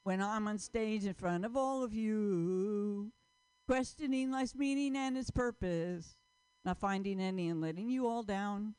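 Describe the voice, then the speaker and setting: A woman's voice: mid-range voice, unhurried, a little mellow, clear, resonant tone, no room sound, low-quality recording. A woman doing a stand-up set at an open mic, rambling and self-mocking, often trailing off.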